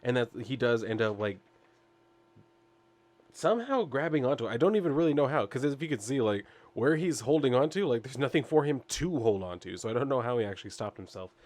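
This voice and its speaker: Guy rambling thru a comic recap, mid pitch, lots of "like", chuckles a bunch. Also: expressive, a little fast, darkish tone. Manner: rambling, full of "like" and "I guess", chuckles often. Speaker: comic book reviewer.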